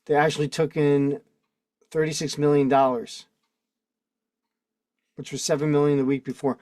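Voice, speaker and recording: A man's voice: a little high, level tone, normal speed, long pauses, a little mellow, dry recording, studio quality. A man hosting a casual online chat, reading notes aloud and riffing on them with indignation. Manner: rambling, reads text aloud then riffs indignantly. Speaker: host.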